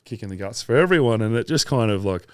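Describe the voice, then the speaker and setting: An Australian man in his thirties, chatting as a podcast guest in a relaxed, rambling way with frequent laughs. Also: lowish voice, quick pace, dry recording, clean studio sound. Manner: laid-back, rambling, laughs often. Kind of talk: casual interview chat.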